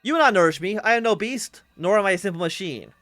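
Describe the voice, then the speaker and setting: A man voicing a grandiose male lion automaton who guards a city, speaking in lofty, deliberate pronouncements with a grating rumble. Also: animated, a bit bright, no echo, faint music behind.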